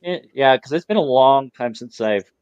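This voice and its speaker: A man's voice: medium pitch, normal speed, smooth, dry recording. Man on dull, lo-fi dry audio. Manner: relaxed, conversational, asks the others questions. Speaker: podcast host. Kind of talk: casual chat.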